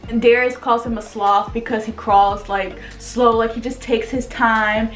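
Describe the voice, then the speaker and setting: A woman's voice: a little high, fairly even intonation, measured pace, roomy sound, soft background music. A young woman, a mother, chatting casually to camera, with fillers of "like" throughout. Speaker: mother and family vlogger.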